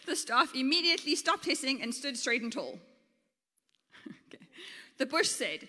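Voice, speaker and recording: A woman's voice: sits high, animated, unhurried, pushed and bright, big-room sound. A woman teacher giving a playful storytelling sermon, laughing often and talking informally. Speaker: teacher and guest speaker.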